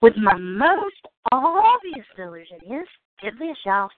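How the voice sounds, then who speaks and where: Woman, Southern accent, indignant, sarcastic, cursing, higher voice, tinny phone line. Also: big pitch swings, a little slow. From Georgia, United States. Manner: indignant, ranting, sarcastic, swears. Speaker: host of a call-in show. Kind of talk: angry monologue.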